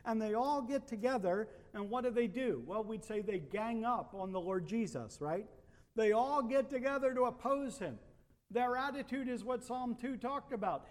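This man preaches in a high voice at normal speed with a somewhat dark tone, asking rhetorical questions and building emphasis. A long reverb trails his words, as though he's in a large hall.

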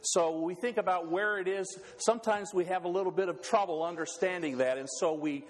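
An earnest male preacher with a fairly high voice who talks his way through a sermon in halting, searching phrases. His words hang in the long reverb of a church sanctuary. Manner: halting, restarts with fillers, earnest.

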